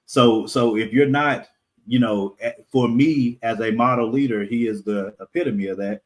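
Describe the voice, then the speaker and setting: A man's voice: mid-range voice, normal speed. A man, a comic creator guest, talking casually in a podcast interview, rambling with fillers and frequent laughs.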